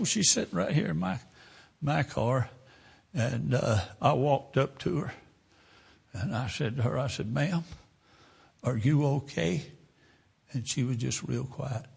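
Gravelly-voiced preacher in his seventies. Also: medium pitch. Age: 70s. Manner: folksy storytelling, drawn-out pauses. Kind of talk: sermon with a personal story.

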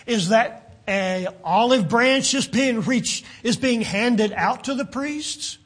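Male preacher, higher voice, unhurried and earnest, sinking to near-whispers for emphasis. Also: fairly bright tone. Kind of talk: sermon.

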